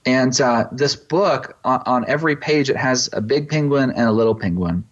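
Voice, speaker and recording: A middle-aged man from East Texas, a pastor, telling a personal story in an interview with halting, reflective pauses and restarts. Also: mid-range voice. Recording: slightly muffled lo-fi audio.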